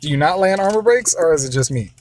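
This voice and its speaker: A father giving gameplay commentary, excitable, wailing and shouting whenever a battle goes badly. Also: on the high side, quick pace. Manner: excitable, wails and shouts over losses. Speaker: father, mobile gamer.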